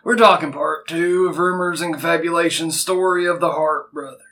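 A man's voice: a little high, steady tone, moderate pace, pushed and bright. A man hosting a casual podcast chat, joking and bantering with friends. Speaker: podcast host.

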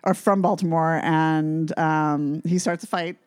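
A woman co-hosting a podcast, casually recapping a movie plot with animated quotes and swearing. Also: sits low, unhurried, smooth, no echo. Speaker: podcast co-host.

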